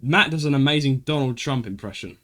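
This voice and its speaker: A young British man hosting a podcast, excitable and teasing in casual chat. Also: medium pitch, a little fast, a little hiss or hum. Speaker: podcast host.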